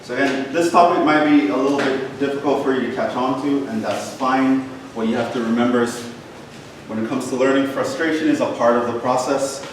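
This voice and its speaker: A man's voice: medium pitch, steady tone, fairly quick. Man lecturing in a very echoey hall. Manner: casual, encouraging, talks to students directly. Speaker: math lecturer. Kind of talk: classroom lecture. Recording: very echoey hall, voice from a distance, faint noise.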